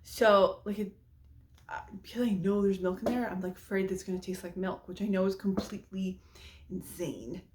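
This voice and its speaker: A woman's voice: mid-range voice, flat delivery, brisk, a little mellow, a little hiss or hum. A woman, a parent, chatting casually and nervously as she cooks, with many ums and likes. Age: adult parent. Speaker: cooking vlogger. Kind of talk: casual cooking vlog chat.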